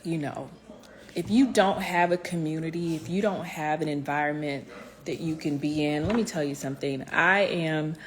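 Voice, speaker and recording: A woman's voice: deep voice, normal speed. A woman giving a heartfelt motivational vlog talk, speaking straight to her viewers with many fillers and restarts. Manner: speaks directly to viewers, encouraging.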